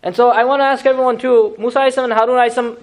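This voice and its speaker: Man, very high voice, rapid delivery, Quran lesson, conversational, rhetorical questions, joking asides. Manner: lively, conversational, asks the audience questions. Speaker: Islamic teacher.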